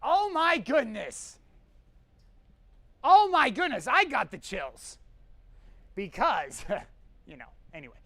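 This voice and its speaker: A woman hosting a live contest stream, teasing the players and giving orders in quick quips. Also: mid-range voice, wildly swooping pitch, pushed and bright, breathy edge. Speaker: host.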